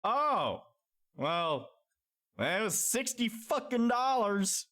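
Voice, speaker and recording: A man co-hosting a game stream, chatting casually, laughing and swearing excitably. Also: high-pitched, drawn-out words. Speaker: streamer, co-host. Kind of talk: casual let's-play chat.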